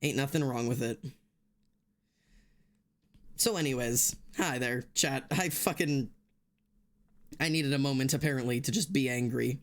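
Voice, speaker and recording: Streaming live to his chat, a man with a medium-pitched voice swears heavily, rants hotly, then laughs it off. His casual talk is unhurried, with long pauses and many restarts.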